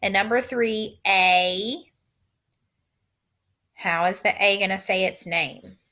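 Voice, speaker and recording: A woman teacher giving a recorded phonics lesson, saying each word twice in slow, drawn-out dictation. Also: medium pitch, sharp tone.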